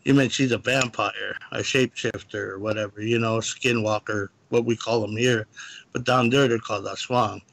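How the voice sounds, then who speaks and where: A man with a gravelly, creaky voice calls in to tell his story. He rambles and backtracks, in a casual, halting way. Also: lowish voice, fairly even intonation, fairly bright tone. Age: adult, lived in California. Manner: rambling, halting retelling of a personal encounter. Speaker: guest caller.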